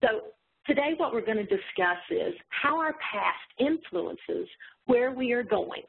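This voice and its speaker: A woman's voice: a little high, animated, measured pace, vocal fry. A woman from West Virginia with a slight Southern accent, presenting a webinar in a chatty, self-deprecating way over a video call. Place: home in a small town. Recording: tinny phone-like line.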